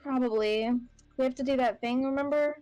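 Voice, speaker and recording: A woman's voice: high-pitched, a little fast, darkish tone, smooth, dry recording, faint music behind. A woman player speaking in character in a tabletop role-playing game, bubbly and upbeat.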